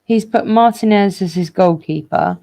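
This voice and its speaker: A woman hosting a live stream and reading out viewer comments, relaxed and hesitant with lots of fillers. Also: medium pitch, normal speed, gravelly, rough recording.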